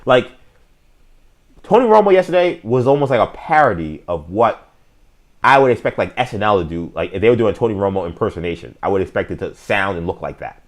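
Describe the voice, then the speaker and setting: A man's voice: mid-range voice, lively intonation, a little fast. A man hosting a casual live-stream sports talk show, opinionated and slangy, speaking straight to his chat viewers. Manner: frequent fillers and restarts, slangy.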